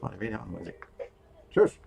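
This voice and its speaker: A man's voice: fairly low pitch, brisk, gravelly, noisy background. A man giving a casual running commentary while crafting at his desk, rambling, joking and swearing under his breath. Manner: rambling, jokey, swears and mutters to himself. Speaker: miniature painting hobbyist.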